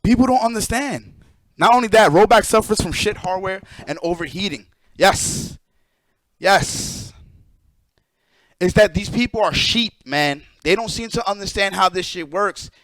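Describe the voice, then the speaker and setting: A man streaming live, ranting casually and profanely to his chat with animated energy. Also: high-pitched, unhurried, no room sound.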